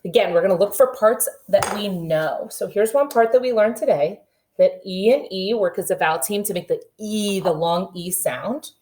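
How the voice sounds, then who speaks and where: A woman teaching a kindergarten reading lesson, slowly sounding out letters and words for young children. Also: mid-range voice, background noise.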